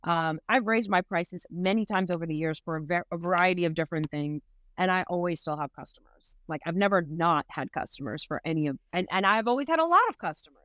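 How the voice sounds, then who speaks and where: A woman from New York talking as a podcast guest, lively and laughing often, dropping "like" and "right?" all through. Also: on the low side, fast, no room sound, studio quality. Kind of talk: casual interview talk.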